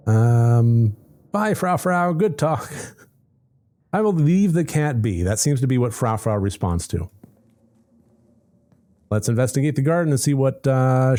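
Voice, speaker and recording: A man's voice: on the low side, dark tone. A man playing a story game, reading its text aloud and making wry, sarcastic asides. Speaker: let's play gamer.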